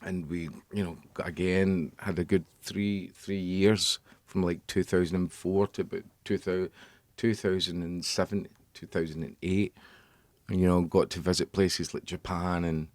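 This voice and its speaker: Deep-voiced Scottish man, rambling. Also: little pitch movement, darkish tone, no echo. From Scotland. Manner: rambling, halting, many restarts and fillers. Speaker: band member guest. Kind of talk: casual radio interview. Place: radio studio.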